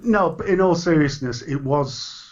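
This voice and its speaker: A man's voice: a little high, lively intonation, unhurried, lo-fi sound. A man with a British accent co-hosting a casual live-show chat, joking around and reading out viewer comments. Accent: British English. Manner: jokey, reads viewer comments aloud, laughs easily. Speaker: co-host.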